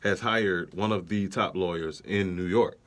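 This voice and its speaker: A man's voice: low-pitched, a little slow, fairly bright tone. A young man co-hosting a podcast in casual chat, laid-back with many fillers and restarts. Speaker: podcast co-host.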